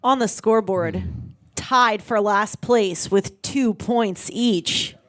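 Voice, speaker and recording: A woman reading out the scores on a comedy panel game in a measured announcing tone. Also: mid-range voice.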